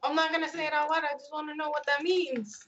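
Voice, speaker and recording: A woman's voice: high-pitched, fairly even intonation, fast, a bit bright, lo-fi sound, slight background noise. A young woman chatting with friends on a stream, blunt and teasing. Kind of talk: casual chat among friends.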